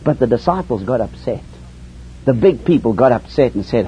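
Preacher man with a lively, swooping voice. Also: moderate pace. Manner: swings from hushed lows to soaring highs. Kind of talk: sermon. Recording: dull lo-fi sermon recording with faint hiss.

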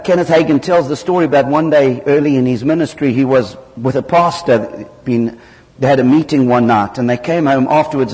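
A man from southern Africa preaching a sermon, telling stories with lively jumps in pitch. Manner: animated storytelling with sudden loud jumps in pitch. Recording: hall reverb.

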